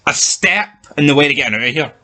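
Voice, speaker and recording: Ranting man, bright tense voice. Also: on the high side, quick pace. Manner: animated, swears freely, rants. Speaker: TV review podcast co-host. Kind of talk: casual review chat.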